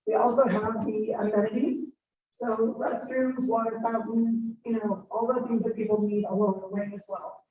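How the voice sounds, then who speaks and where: Hoarse woman presenting in a room. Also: fairly high pitch, level tone, normal speed. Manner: upbeat, informal, explaining step by step. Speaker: guest speaker. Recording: distant roomy dull meeting recording.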